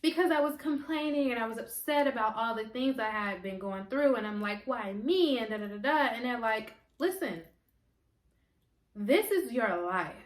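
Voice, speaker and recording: A woman's voice: a little high, brisk, hardly any pauses. A woman, a holistic healer from the United States, telling a personal spiritual story in an earnest, emotional way with lots of repetition. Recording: echoey room.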